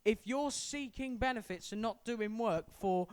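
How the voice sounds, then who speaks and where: A man's voice: high voice, a little slow, clear, resonant tone. A man co-hosting a casual podcast, laying out his opinions in long, lecturing explanations. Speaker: podcast co-host. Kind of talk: casual chat.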